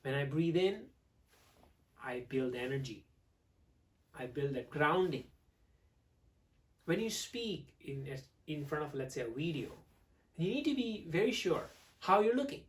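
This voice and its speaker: A man teaching public speaking to camera, expressive, swinging between loud and hushed delivery. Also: fairly high pitch, unhurried, long pauses, distant mic.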